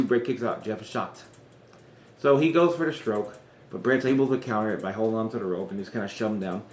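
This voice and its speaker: A man's voice: medium pitch, slight background noise. A man chatting casually about rebooking wrestling storylines, rambling and correcting himself with chuckling asides. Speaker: wrestling podcaster. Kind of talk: casual fantasy-booking chat. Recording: roomy echo.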